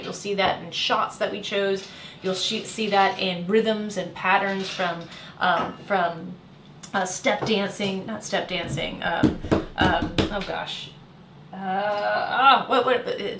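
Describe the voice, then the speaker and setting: A woman's voice: mid-range voice, noisy background. Chatty American woman in an echoey room. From United States. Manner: chatty and rambling, with fillers and self-deprecating laughs. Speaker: travel show host. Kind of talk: casual livestream chat.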